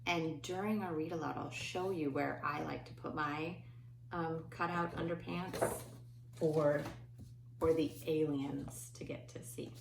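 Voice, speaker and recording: A woman teaching her kindergarten class remotely, with gentle sing-song talk aimed at small children. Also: deep voice, steady tone, measured pace, gravelly, echoey room, recorded from a distance, noisy background.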